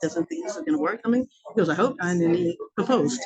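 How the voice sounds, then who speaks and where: A woman's voice: fairly low pitch, fast talker, low-quality recording. A woman from Canada telling a personal story to a class in a casual way, acting out the lines of the people in it. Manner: lively, acts out dialogue in her telling. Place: room with a group of listeners. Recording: busy room with crowd noise. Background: chatter and laughter of the audience.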